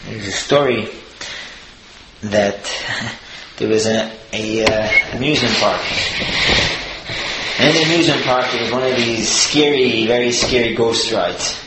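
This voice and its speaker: A man's voice: medium pitch, a little slow, pauses often. Man giving a Torah talk in an echoey room. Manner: earnest, explains verses phrase by phrase. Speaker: Torah teacher. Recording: echoey room with steady noise.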